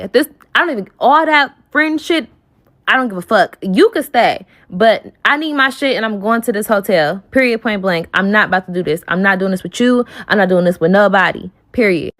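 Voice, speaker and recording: A woman's voice: mid-range voice, expressive, normal speed, fairly bright tone. A young woman telling a casual storytime, heated and profane, acting out what others said in her retelling. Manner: heated, profane retelling that acts out quoted dialogue.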